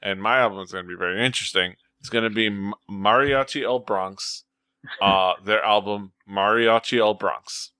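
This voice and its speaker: A man hosting a podcast in casual chat, rambling with lots of fillers and quick to laugh. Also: lowish voice, sharp tone, smooth, dry recording. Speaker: podcast host.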